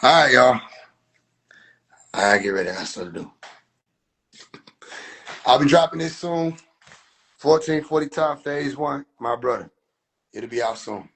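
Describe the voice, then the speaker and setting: A young man, reacting to his own clips in casual, profane commentary, exasperated and often shouting in disbelief. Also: a little high, measured pace, creaky, long pauses, breathy edge.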